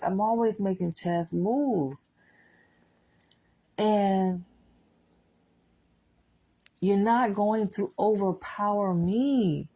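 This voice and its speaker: Blunt, profane woman with a gravelly voice. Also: medium pitch, mellow, poor audio. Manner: blunt, profane, laughs often. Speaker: vlogger. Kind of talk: candid personal monologue.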